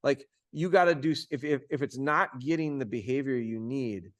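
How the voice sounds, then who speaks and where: A man coaching dog owners over a video call, talking in an informal, folksy way with quick restarts. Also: mid-range voice, no room sound, studio quality. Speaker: dog trainer coaching clients.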